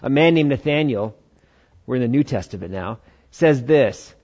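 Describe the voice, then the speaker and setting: A man's voice: medium pitch, animated, normal speed, darkish tone. Man preaching casually, slightly muffled. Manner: conversational preaching, acts out Bible dialogue in voices. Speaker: pastor. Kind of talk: sermon.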